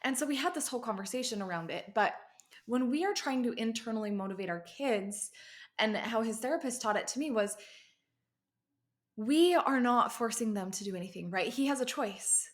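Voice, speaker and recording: A woman's voice: fairly high pitch, lively intonation, moderate pace. A woman in her thirties hosting a parenting podcast, telling a story with many asides in a casual pep-talk style.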